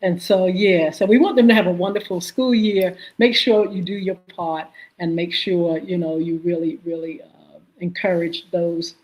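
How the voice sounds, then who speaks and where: A woman hosting a live-stream podcast, greeting chat viewers by name and pausing often on filler sounds. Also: fairly low pitch, fairly even intonation, a little mellow. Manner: halting, many filler "uh"s. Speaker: podcast host.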